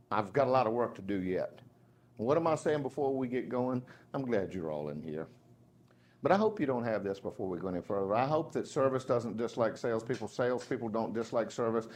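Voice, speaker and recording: A man's voice: medium pitch, darkish tone. A man delivering a motivational speech to a dealership team. His voice sits in an ordinary middle range, and his manner is folksy and loose, with restarts and self-mocking humor. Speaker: sales trainer, motivational speaker.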